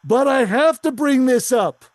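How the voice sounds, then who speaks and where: A man's voice: very high-pitched, animated, a little slow, a little mellow, dry recording. A man co-hosting a radio car show, telling a long story and acting out the voices of the people in it. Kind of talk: casual storytelling on talk radio.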